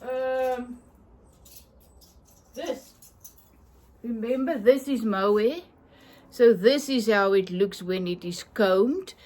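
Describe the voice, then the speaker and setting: Slow, high-voiced woman. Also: darkish tone. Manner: chatty, enthusiastic, laughs often, searches for words. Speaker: craft vlogger. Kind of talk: casual show-and-tell.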